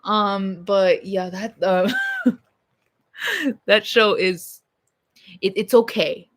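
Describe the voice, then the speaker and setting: She's a young vlogger chatting loosely from home, speaking very slowly at an ordinary middle pitch. Blunt opinions and casual swearing fill her unpolished, conversational ramble.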